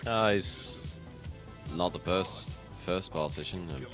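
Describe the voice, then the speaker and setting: Deep-voiced man, dry banter. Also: takes it slowly, soft background music. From New Zealand. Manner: dry, deadpan, laughs a lot when joking. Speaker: co-op gaming streamer. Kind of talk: casual banter over gameplay.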